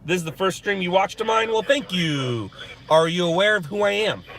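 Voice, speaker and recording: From his car in a parking lot at sunset, a man runs a live stream in a high, fairly bright voice with lively intonation at a moderate pace. He's relaxed, joking around while casually fielding viewers' questions.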